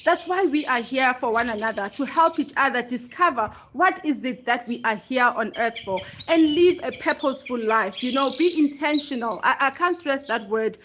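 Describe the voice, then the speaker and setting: A woman's voice: high voice, animated, normal speed, few pauses, background noise. A woman hosting a casual livestream chat, talking to viewers and answering their comments as she goes, laughing at herself now and then. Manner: chatty, reads and answers viewer comments aloud; laughs easily, self-deprecating. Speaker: livestream host.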